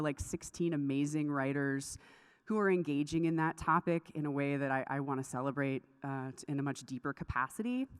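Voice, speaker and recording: A woman's voice: low-pitched, clear, resonant tone. A woman giving a craft lecture at a conference, chatty and prone to laughing asides. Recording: lecture hall with long reverb.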